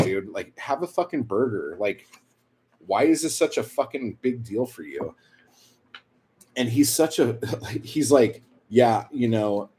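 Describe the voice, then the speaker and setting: A young man talks to his viewers in a loose, rambling way, swearing often and filling his sentences with "like". His voice sits fairly low and has a husky edge. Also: a little mellow. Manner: rambling, profane, lots of "like". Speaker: streamer. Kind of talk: casual chat with viewers.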